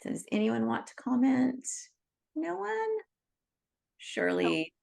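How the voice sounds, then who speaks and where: A woman's voice: high-pitched, wildly swooping pitch, slow pace, gravelly, a little mellow. A woman leading an online Reiki group by video call, talking in an earnest, reassuring way with many "you know"s. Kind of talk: teaching talk to an online group.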